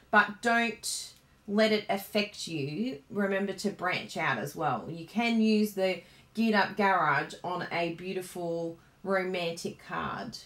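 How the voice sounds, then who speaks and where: An Australian woman hosting a card-making live stream, chatty and gushing and quick to laugh. Her voice sits at an ordinary middle pitch. It rings with the echo of a roomy room. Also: a bit bright. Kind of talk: casual live-stream chat. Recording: roomy, echoey room sound.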